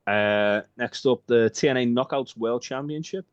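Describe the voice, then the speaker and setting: A man's voice: mid-range voice, normal speed, clean tone, dry recording. A man co-hosting a casual podcast, rambling and joking with lots of swearing and filler ums. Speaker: podcast co-host. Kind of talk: casual chat. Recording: dull dry lo-fi sound.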